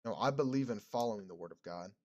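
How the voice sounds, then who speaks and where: A man voicing a quiet, earnest young woman on trial who speaks flatly and plainly. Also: fairly low pitch, quick pace, pitched below the performer's own voice, lightly acted.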